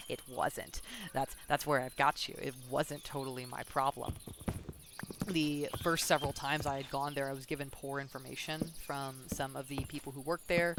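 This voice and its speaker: A streamer telling a long story while playing a game, in a casual, animated way with many fillers. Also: mid-range voice, normal speed. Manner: animated, rambling, lots of fillers like "um" and "like". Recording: steady background noise.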